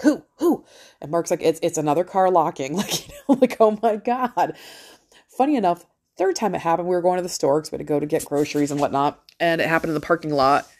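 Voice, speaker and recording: A woman's voice: deep voice, darkish tone. A middle-aged woman hosting a podcast, talking in a casual, rambling monologue, blunt and swearing freely. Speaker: podcast host.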